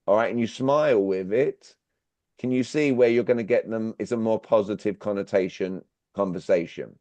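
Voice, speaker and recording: A man's voice: lowish voice, moderate pace, dark tone, no room sound. A man leading an online sales workshop, talking directly and drilling his listeners with questions. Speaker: workshop speaker. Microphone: video call. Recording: dull, dry video-call audio.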